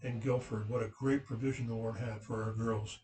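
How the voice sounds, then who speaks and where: A man's voice: lowish voice, fairly even intonation, fairly quick, darkish tone. A man from the West Coast telling a casual, rambling family story as a father, with lots of fillers and restarts. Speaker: father recounting family memories. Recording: roomy, from a distant mic.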